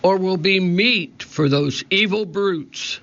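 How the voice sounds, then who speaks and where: Guy doing a gruff pirate captain, gravelly, growly, loud, kinda muffled lo-fi audio. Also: sits high, takes it slowly, pitched above the performer's own voice, full character voice. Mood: roaring orders. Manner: growling, roaring pirate talk. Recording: dull lo-fi recording.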